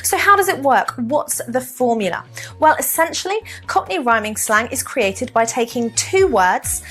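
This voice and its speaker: A woman teaches to camera, her voice sitting a little high. She explains each point in a clear and measured way. Faint music plays quietly behind her. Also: animated. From south of England. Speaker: English teacher. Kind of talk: scripted lesson to camera.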